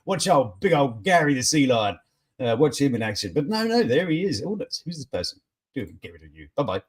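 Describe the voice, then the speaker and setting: Husky, lively man hosting chat. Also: medium pitch, a little fast. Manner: chatty, jokey, reacts to viewer comments. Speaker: host of a morning news chat stream. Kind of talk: casual live chat reading news and comments.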